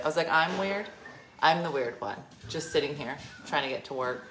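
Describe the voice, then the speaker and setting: Woman, fifties, chatty show host, low voice with lively pitch, echoey room. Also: normal speed, slight background noise. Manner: chatty, rambling storyteller with frequent laughs. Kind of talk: casual chat.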